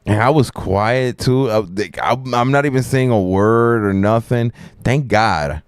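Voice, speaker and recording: A man's voice: medium pitch, unhurried, clean tone, no echo. A man streaming live, chatting in a rambling, laid-back, profane way. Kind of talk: casual live-stream chat.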